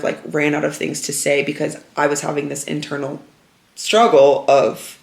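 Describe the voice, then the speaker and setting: A woman's voice: low-pitched, roomy sound. A young woman vlogger telling a personal story to camera, open and earnest, with lots of fillers.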